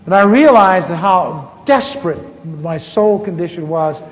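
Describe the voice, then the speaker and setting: A man's voice: high-pitched, expressive, unhurried. A middle-aged man preaching a personal testimony, candid and storytelling, with wry asides. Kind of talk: testimony sermon. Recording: dull archive recording with long hall reverb.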